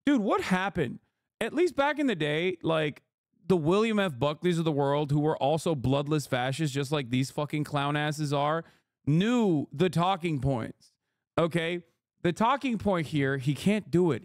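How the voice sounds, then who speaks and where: A man's voice: on the high side, moderate pace, dry recording, studio quality. A man streaming, reacting to a debate video with profane, incredulous, sarcastic commentary.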